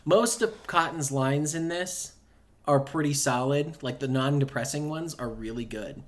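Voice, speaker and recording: A man co-hosting a casual podcast chat in an easygoing, measured way. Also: fairly high pitch. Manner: easygoing, measured, with frequent fillers. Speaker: podcast co-host.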